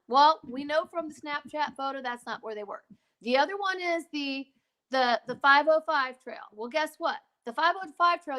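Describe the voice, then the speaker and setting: A woman with a fairly high voice talks casually as a guest, wandering off into asides and coming back to press her point. Her delivery is emphatic and conversational. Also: pushed and bright. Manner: digressive, emphatic, many asides. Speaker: podcast guest.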